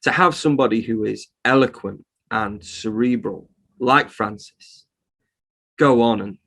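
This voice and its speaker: A man's voice: medium pitch, unhurried, vocal fry, pushed and bright. Man ranting with heated swearing. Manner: heated, swears freely, rants. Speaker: reptile shop owner, guest. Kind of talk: casual podcast interview.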